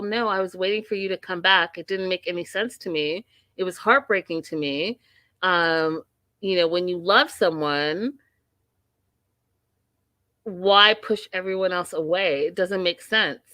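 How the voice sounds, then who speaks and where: A woman hosting a live TV recap stream, giving blunt opinions and reading viewer comments aloud in a casual, animated way. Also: lowish voice, no echo. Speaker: host of a live TV recap show.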